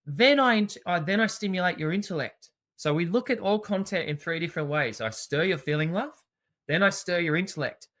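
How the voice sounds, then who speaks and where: A man, a home education teacher talking as a podcast guest in an animated, storytelling way. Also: high voice, fairly quick. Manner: animated storyteller, acts out scenes. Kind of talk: podcast interview.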